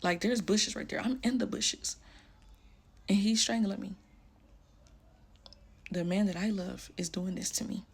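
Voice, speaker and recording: A woman's voice: medium pitch, fairly even intonation, a little slow, gravelly, pauses often, husky. A woman telling a personal story candidly, blunt and emotional, with casual slang.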